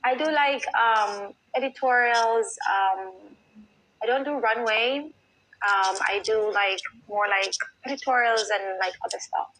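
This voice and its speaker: A young woman from Jamaica with a light Jamaican accent, a model talking softly and hesitantly on a call. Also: fairly high pitch, unhurried, low-quality recording. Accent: Jamaican, near-standard English. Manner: soft-spoken, hesitant, many fillers. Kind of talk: casual call-in chat.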